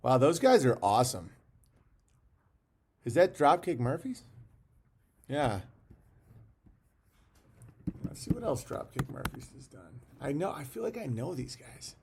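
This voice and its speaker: A man's voice: mid-range voice, sing-song, unhurried, vocal fry, pauses often, darkish tone, a little hiss or hum. A man hosting a casual livestream, rambling, reading viewer comments aloud and talking bluntly with the odd swear word. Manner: blunt and profane. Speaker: livestream host.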